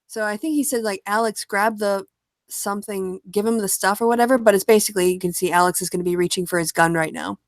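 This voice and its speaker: A woman's voice: medium pitch, steady tone, fast talker, no room sound, studio quality. A woman co-hosting a podcast, chatting casually about a video and laughing often. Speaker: podcast co-host. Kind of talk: casual chat reacting to a video.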